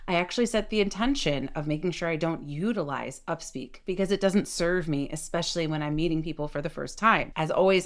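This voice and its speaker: A young woman voice coach giving a short, clear, deliberate lesson on speaking. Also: low-pitched. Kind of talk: short instructional talk.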